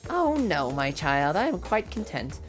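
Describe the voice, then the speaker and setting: A woman voicing a gentle, content older mother ghost who speaks softly and fondly. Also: deep voice, big pitch swings, measured pace, faint music behind. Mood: doting.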